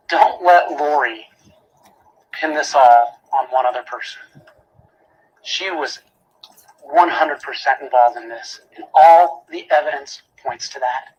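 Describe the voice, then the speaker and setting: A man's voice: a little high, measured pace, long pauses, slight background noise, poor audio. A man giving a prosecutor's closing argument in a courtroom, emphatic, repeating key phrases and asking rhetorical questions.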